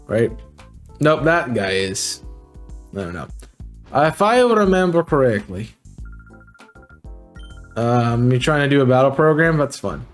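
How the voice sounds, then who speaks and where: A man's voice: medium pitch, big pitch swings, a little slow, long pauses, faint music behind. A man hosting a let's play, talking in a casual, rambling way with fillers and joking asides. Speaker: gaming channel host.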